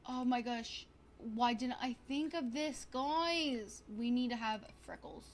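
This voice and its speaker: A young woman streaming a life-sim game, chatting casually to viewers in a bubbly, excitable way, gasping and repeating herself. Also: fairly high pitch, slow pace, slight background noise. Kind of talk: casual gaming stream chat.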